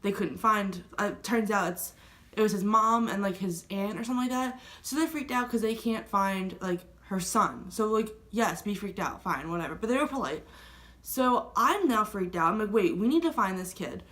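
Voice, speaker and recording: A woman's voice: mid-range voice, normal speed, fairly bright tone. A young woman vlogger telling a story in a rambling, casual way, filling nearly every phrase with "like". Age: young adult. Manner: rambling, filler-heavy with constant "like".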